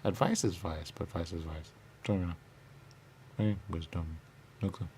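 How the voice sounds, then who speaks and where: A man's voice: low voice, fairly even intonation, moderate pace, darkish tone, slight background noise. A man rambling in circles, asking himself questions and answering them, repeating words and dropping into sudden whispers. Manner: circular, repetitive musing with sudden whispers.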